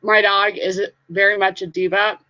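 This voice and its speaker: A woman's voice: mid-range voice, flat delivery, normal speed, bright, forceful tone. A middle-aged woman with a Southern US accent hosting a casual live stream, reading comments in a goofy, giggly, playful way. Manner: goofy, giggly, playful sing-song voices. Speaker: live stream host, reseller. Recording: slightly dull lo-fi stream audio.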